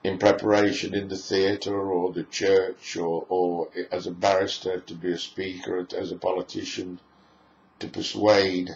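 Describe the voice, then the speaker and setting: Deep gravelly man lecturing in an echoey room. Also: level tone, a little slow. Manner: musing, piles up lists of phrases. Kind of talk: spoken lecture. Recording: echoey room, dull lo-fi sound.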